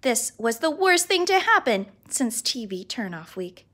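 A woman reading a children's book aloud in an expressive, playful way. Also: on the high side, unhurried. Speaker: storybook reader.

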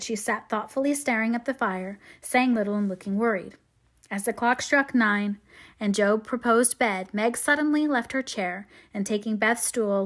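A woman reading a classic novel aloud in measured storytelling narration. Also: medium pitch. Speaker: audiobook reader.

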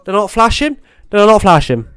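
A young man playing a horror game, talking to himself and swearing, with sudden excited outbursts. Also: high-pitched, fast, clear, resonant tone, dry recording. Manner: swears, talks to himself, swings between muttering and excited outbursts. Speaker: gaming YouTuber. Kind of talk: horror game let's play commentary.

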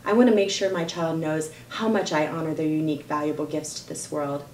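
A woman speaking as a parenting coach, giving earnest, measured advice on how to talk with children. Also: deep voice, steady tone, a little mellow. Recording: roomy echo, faint background noise.

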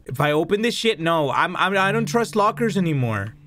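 A man's voice: sits high, big pitch swings, brisk, few pauses, fairly bright tone. A young Mexican man with a Mexican accent, hosting a horror game playthrough, jumpy, swearing and switching languages, shrieking when startled. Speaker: gaming host. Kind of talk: excitable horror gameplay commentary.

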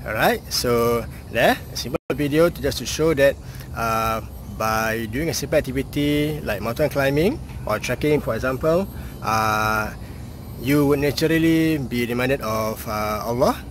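A man's voice: mid-range voice, a little slow, slight background noise. A man, casually talking to the camera while climbing steps outdoors, a bit out of breath. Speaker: outdoor educator vlogger. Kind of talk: casual vlog narration while hiking. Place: outdoors on a hillside trail.

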